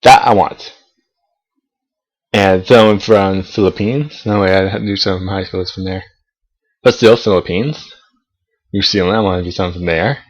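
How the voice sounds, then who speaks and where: A man's voice: low-pitched, measured pace, long pauses, low-quality recording. A young man, a college student, talking casually to camera in a rambling way, with frequent restarts and swearing. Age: young adult. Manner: rambling, profane, hesitant restarts. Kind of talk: casual talking-head vlog. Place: South of the United States.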